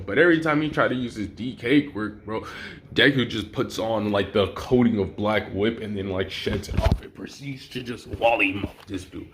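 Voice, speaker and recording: A young man casually retelling a fan story in heavy slang, rambling, swearing and making sound effects. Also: fairly low pitch.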